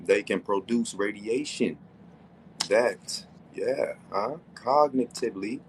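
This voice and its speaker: A man's voice: on the low side, a little hiss or hum. Mocking man reading sources aloud. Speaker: debate streamer. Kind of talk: casual debate stream.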